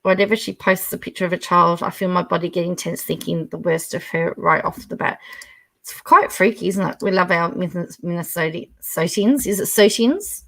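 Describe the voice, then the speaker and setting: A chatty middle-aged woman with an Australian accent, hosting a relaxed livestream. She reads viewer comments aloud and reacts to them in easygoing conversation, laughing often along the way. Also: fairly low pitch, brisk, vocal fry. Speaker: host reading viewer comments. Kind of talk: casual livestream chat.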